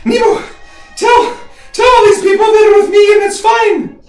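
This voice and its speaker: A man voicing a frightened old chicken woman who pleads in a shrill voice. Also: little pitch movement, normal speed, faint music behind. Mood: pleading. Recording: roomy echo, distant mic.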